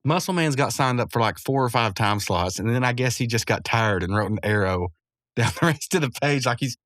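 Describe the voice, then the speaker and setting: A man's voice: mid-range voice, expressive, brisk, a bit bright. A man in the middle of his vocal range rambles through an episode recap, chuckling often and correcting himself. His delivery is loose and conversational. The sound is dry and close to the mic, with no room echo. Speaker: podcast host.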